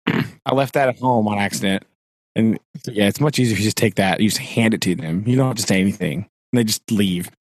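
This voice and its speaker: A man's voice: fairly low pitch, a little fast, no room sound. A man co-hosting a podcast, chatting and teasing wryly. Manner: wry teasing, swooping voice. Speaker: podcast co-host. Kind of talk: casual chat.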